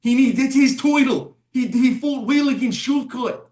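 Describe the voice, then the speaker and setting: A man's voice: normal speed, darkish tone. A man doing a mocking impression of a cocky young male fighter in an attempted Irish accent, whining about excuses. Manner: mocking, high-pitched, excuse-making. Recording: roomy echo.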